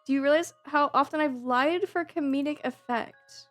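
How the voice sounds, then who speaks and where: A woman's voice: high voice, normal speed, fairly bright tone, soft background music. Giggly woman chatting on a live stream. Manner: chatty and giggly, swears casually. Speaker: streamer reading chat. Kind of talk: casual live-stream chat.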